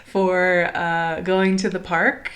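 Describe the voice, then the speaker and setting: A tarot reader with a lowish, fairly flat voice speaks slowly during a casual reading. She's chatty, warm and enthusiastic, laughs often, and keeps encouraging with lots of "like" and "right?"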